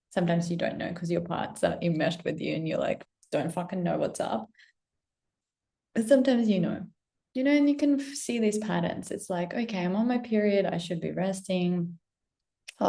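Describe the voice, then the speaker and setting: A woman's voice: mid-range voice, gravelly, warm tone. A woman who coaches on spiritual growth, giving an emphatic, casual pep talk to camera, swearing freely and acting out inner voices. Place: outdoors or at a window on a trip abroad.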